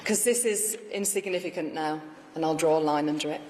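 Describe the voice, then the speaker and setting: A woman's voice: low voice, a little fast, a little mellow, a little hiss or hum. Woman giving a rousing speech in an echoey hall. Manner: rousing, emphatic, declarative. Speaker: newly elected mayor giving victory speech. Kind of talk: political victory speech. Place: large hall with audience. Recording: echoey hall with faint ambience.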